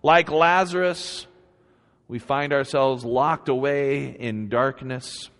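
Slow, earnest preacher man in a reverberant hall. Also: medium pitch, a bit bright. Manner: slow, earnest, conversational preaching with rising emphatic peaks. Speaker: pastor. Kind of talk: sermon. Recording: long reverb of a church hall.

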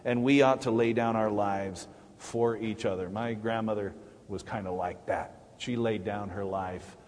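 A man's voice: lowish voice, steady tone. A man giving a church sermon. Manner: halting, many restarts and fillers, warm laughs. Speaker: church speaker. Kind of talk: Mother's Day sermon. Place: church sanctuary. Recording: long hall reverb.

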